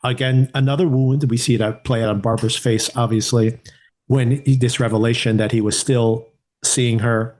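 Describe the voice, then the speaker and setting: Man, podcast co-host, casual review chat, mid-pitched voice, thinks aloud. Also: steady tone, normal speed, a little mellow. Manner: conversational, thinking aloud with restarts and rhetorical questions.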